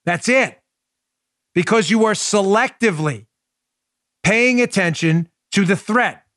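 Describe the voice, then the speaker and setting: A forceful podcast host in his forties, with a Queens, New York accent and a slightly high voice, delivers animated but unhurried political commentary. He leans on loud emphasis and pointed rhetorical questions. The studio recording is dry and close.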